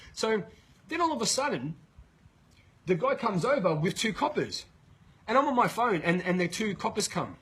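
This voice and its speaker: Aussie guy on a webinar mic, husky voice, swears a lot telling stories. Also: fairly high pitch, low-quality recording. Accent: Australian. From Australia. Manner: energetic, swearing, animated retelling. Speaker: leadership coach. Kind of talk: live webinar storytelling.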